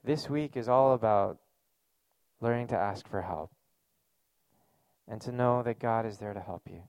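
A man's voice: lowish voice, a little slow, darkish tone, clean tone, no echo. A man giving a sermon as a pastor, speaking in a conversational, earnest way with casual fillers.

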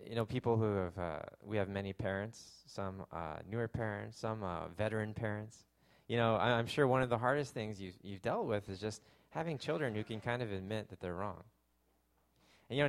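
A man's voice: lowish voice, clean tone. A young adult man preaching a conversational sermon, joking and filling his talk with fillers. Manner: conversational, self-deprecating humor with lots of fillers. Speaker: pastor.

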